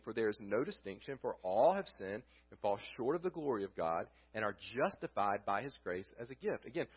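Male pastor, mid-range voice, breathy edge; conversational sermon delivery on a dull church recording. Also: medium pitch. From United States. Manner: conversational preaching with rhetorical questions and restarts. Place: church sanctuary.

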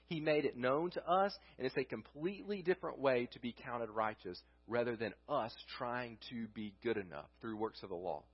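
Male pastor, mid-range voice, breathy edge; conversational sermon delivery on a dull church recording. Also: medium pitch. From United States. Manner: conversational preaching with rhetorical questions and restarts. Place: church sanctuary.

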